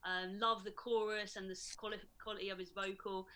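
A woman, a DJ on a radio panel, giving a frank and lively review of a track in casual chat. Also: medium pitch, fairly quick, noisy background. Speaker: DJ and panel guest.

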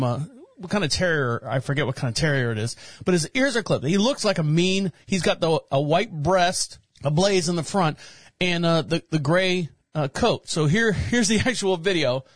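High-voiced chatty male podcast host. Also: no echo. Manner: rambling, self-correcting, chatty. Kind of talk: casual podcast monologue.

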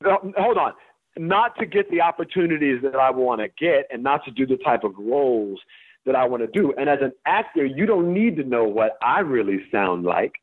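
A man from the US Deep South, an actor being interviewed, talking candidly and emphatically, swearing and laughing as he makes his points. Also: expressive, normal speed, no echo. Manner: emphatic, profane, laughs while making points. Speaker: actor guest. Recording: tinny phone-line sound.

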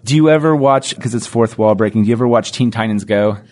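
A man hosting a casual podcast interview, retelling cartoon episodes and acting out the quoted lines with lively energy. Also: on the low side, fast talker. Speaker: podcast host.

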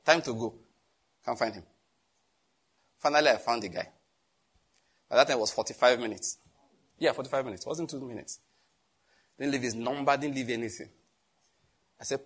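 A man's voice: fairly high pitch, fairly quick, pauses often, breathy edge. A middle-aged man preaching a sermon, telling stories and acting out the people in them. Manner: animated storytelling, acts out quoted exchanges. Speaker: pastor.

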